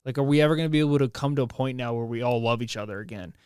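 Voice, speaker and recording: Man talking in a halting, emotional way. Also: mid-range voice, darkish tone, clean tone, no room sound, clean studio sound. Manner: halting, emotional, swears often, many restarts. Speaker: podcast host. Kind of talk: casual solo podcast monologue. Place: at home, near his bed.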